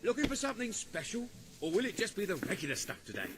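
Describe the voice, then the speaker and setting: A man's voice: high voice, sing-song, fast talker, noisy background. A man voicing a shopkeeper in a video game, greeting customers with friendly sales patter. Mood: inviting.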